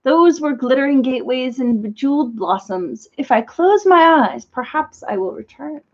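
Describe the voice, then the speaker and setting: A woman's voice: sits high, expressive, normal speed. A grumpy old man, drowsy and irritable, scolds in a muttering storybook voice, as a woman puts him on. The sound is dull and lo-fi. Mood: irritated. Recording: muffled lo-fi recording.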